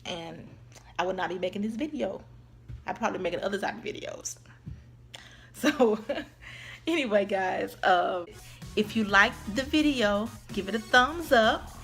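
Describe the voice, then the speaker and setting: A woman telling a casual storytime vlog. She tells it in an animated way, acts out the voices of other people and keeps calling her viewers y'all. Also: medium pitch, measured pace, creaky, long pauses, soft background music. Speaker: vlogger.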